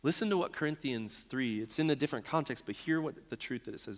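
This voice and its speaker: A man's voice: mid-range voice, animated, quick pace, few pauses, in a large hall. A man preaching a sermon in a casual, storytelling way, with frequent fillers and restarts. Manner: conversational, storytelling, many fillers.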